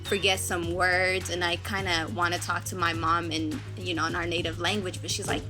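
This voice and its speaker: A woman's voice: lowish voice, flat delivery, moderate pace, hardly any pauses, music in the background. A young woman talking hesitantly and casually in an interview, with many small fillers.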